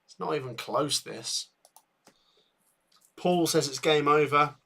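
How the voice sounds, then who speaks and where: A man hosting a live football watchalong, chatting with viewers and getting excited at chances, a bit tired. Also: on the high side, slow, gravelly. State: tired, yawning. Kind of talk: live match commentary and chat.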